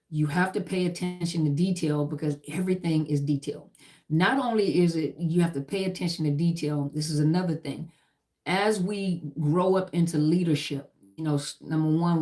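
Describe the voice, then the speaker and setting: A middle-aged army veteran lectures on trauma in an emphatic, repetitive way, packed with lists and "you know." Her voice is deep with a darkish tone.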